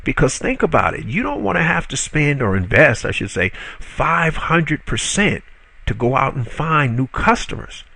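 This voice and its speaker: A man's voice: fairly high pitch, big pitch swings, moderate pace, gravelly, bright, forceful tone, no echo. A man teaching a marketing tutorial in a folksy, salesy way, acting out example dialogues with customers. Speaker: marketing instructor. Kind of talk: screen-recorded marketing tutorial.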